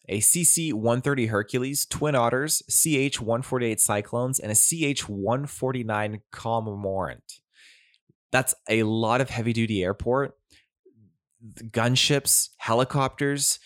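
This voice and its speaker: A man's voice: mid-range voice, no echo, clean studio sound. A man hosting an opinionated commentary vlog, talking in a conversational, skeptical way with digressive asides. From Canada. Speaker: commentary channel host.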